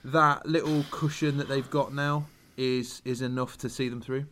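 A man's voice: medium pitch, flat delivery, moderate pace, fairly bright tone, slight background noise. Rambling man chatting football. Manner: rambling, hesitant, with many restarts. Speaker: podcast co-host. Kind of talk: casual football chat.

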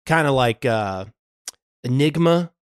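A man talks through a movie with his co-hosts, his pitch rising and falling with real animation. He acts out scenes in quick bursts and laughs often. The sound is close and dry. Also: lively intonation, clear, resonant tone, dry recording. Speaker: podcast host. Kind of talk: casual film chat.

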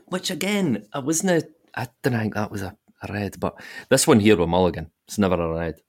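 A man's voice: on the low side, expressive, brisk, a little mellow. A Scottish man co-hosting a podcast, chatting bluntly and swearing about football. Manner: blunt, sweary, repeats himself. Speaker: podcast co-host. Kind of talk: casual football chat.

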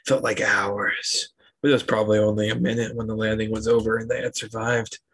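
A man co-hosting a podcast, reading fanfiction aloud with a deadpan delivery and mock-dramatic emphasis. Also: lowish voice, a little fast, slightly rough. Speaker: podcast co-host.

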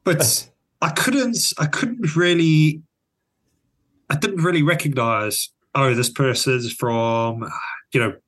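Co-hosting a casual podcast, a South African-accented man muses aloud thoughtfully, often restarting his sentences or trailing off. His voice is fairly high and a bit bright, and he speaks slowly.

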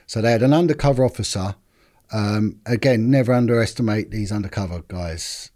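A man's voice: fairly low pitch, a little fast. A man, a former detective telling stories casually on a podcast and acting out what others said. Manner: animated, repeats words, acts out quotes.

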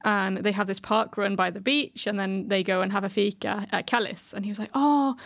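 A woman's voice: medium pitch, little pitch movement, brisk, creaky, fairly bright tone, no echo, studio quality. A woman from the UK, chatting casually on a podcast panel, with lots of "like".

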